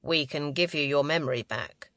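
Woman putting on a male space commander, low steady voice, firm yet gentle, quiet authority, dry close sound. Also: normal speed, no room sound.

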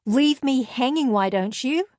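A woman voicing a bubbly, excitable teenage girl who teases her friend on the phone. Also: medium pitch, unhurried, no room sound, studio quality, lightly acted. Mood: teasing. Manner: squealing, teasing, excitable. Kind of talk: audiobook character voice.

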